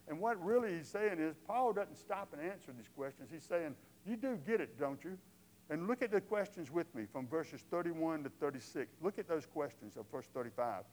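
An older male pastor preaching a sermon in a conversational way, moving from quiet asides to emphatic questions. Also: on the high side, a little hiss or hum, poor audio.

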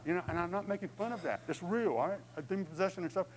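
A man's voice: high voice, lively intonation, rapid-fire, poor audio. A man preaching a sermon in a conversational way, acting out inner voices with humor. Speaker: pastor.

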